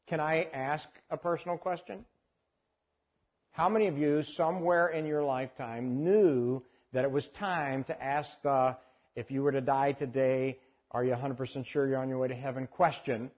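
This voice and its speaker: Husky man teaching an evangelism class. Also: on the high side, muffled recording. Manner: conversational, asks the audience questions. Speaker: evangelism trainer.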